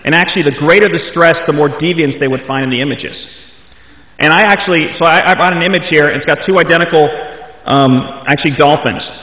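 A man's voice: a little high, brisk, sharp tone. A man hosting a ministry meeting, talking in a rambling, hesitant way and introducing the speaker. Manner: rambling, hesitant, full of fillers. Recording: echoey hall, dull lo-fi sound.

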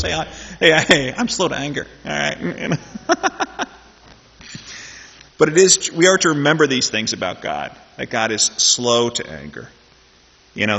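A man's voice: mid-range voice, fairly bright tone, breathy edge. Man preaching in a reverberant hall. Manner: conversational, joking asides, repeats phrases. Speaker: pastor. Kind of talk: sermon. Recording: dull lo-fi sound in a reverberant hall.

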